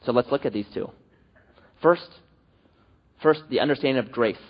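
A man preaching a sermon, animated and acting out the voices he quotes. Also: medium pitch, moderate pace, breathy edge, lo-fi sound. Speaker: pastor.

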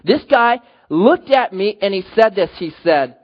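A man's voice: high voice, a little slow, hardly any pauses, dull audio. A man preaching a sermon as pastor, telling stories with jokes and acting out quotes. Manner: animated storytelling with jokes and acted-out quotes.

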